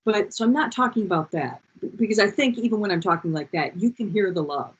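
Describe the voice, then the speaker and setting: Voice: medium pitch, lively intonation, fast, husky, highs cut off. An adult leading a group session in a heartfelt motivational talk, passionate and repeating key phrases, over a video call.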